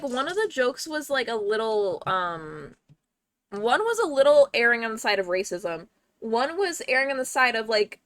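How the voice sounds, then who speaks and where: A woman's voice: a little high, a bit bright, no room sound. A young woman streaming from home, chatting casually with her viewers, swearing freely and breaking into laughter. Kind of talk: casual livestream chat.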